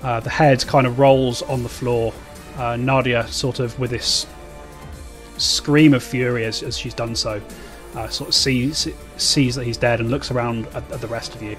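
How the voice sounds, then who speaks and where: A man's voice: mid-range voice, steady tone, fairly bright tone, soft background music. A man narrating a tabletop role-playing game as game master, stopping and restarting often. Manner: halting narration with many fillers and restarts.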